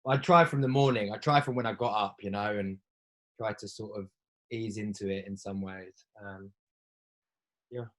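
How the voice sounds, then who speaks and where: A man's voice: on the low side, fairly even intonation, moderate pace, long pauses, a bit bright, poor audio. A young man talking casually in an interview, easygoing and a little hesitant as he hunts for his words. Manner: easygoing, hesitant, many fillers and restarts. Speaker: actor, interviewee.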